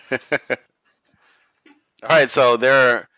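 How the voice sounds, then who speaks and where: A man with a Boston accent, talking loosely as a podcast co-host and chuckling between remarks. His voice sits at an ordinary middle pitch. The sound is dry and close, with no room behind him. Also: fairly even intonation, very slow, bright, forceful tone, no echo. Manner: laughs often, swears casually. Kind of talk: casual chat watching wrestling.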